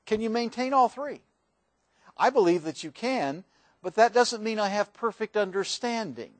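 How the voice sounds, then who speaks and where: Man, pastor, earnest sermon, high voice, dry close sound. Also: lively intonation, moderate pace, no room sound. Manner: earnest preaching, acts out quoted prayers with rising intensity.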